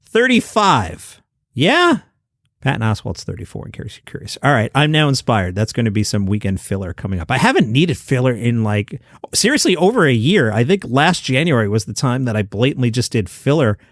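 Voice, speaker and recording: A man's voice: medium pitch, very animated, brisk, no room sound. A man talking through the day's comedy headlines in a loose, chatty way. He sits at a table by his laptop, and the sound is dry and close with no room around it. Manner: chatty, conversational retelling of stories. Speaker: podcast host. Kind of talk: comedy news podcast, casual solo talk. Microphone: desk mic next to a laptop.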